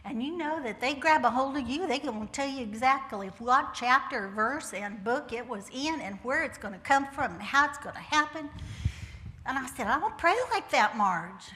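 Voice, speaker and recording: An older woman shares her personal testimony in church at a normal speed, animated and folksy, joking through her story with Southern turns of phrase. Her slightly high voice sounds bright and forceful and rings through the hall with long reverb.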